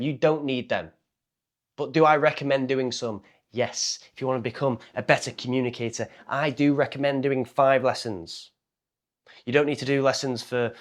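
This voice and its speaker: A man, a speaking coach, talking straight to camera in a blunt, self-mocking way and swearing casually. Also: medium pitch. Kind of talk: casual direct-to-camera talk.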